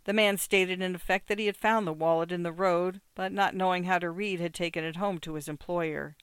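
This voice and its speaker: Steady short-story narrator, smooth clear voice, dry close recording. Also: mid-range voice, a little fast, no echo. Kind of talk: scripted narration of short stories.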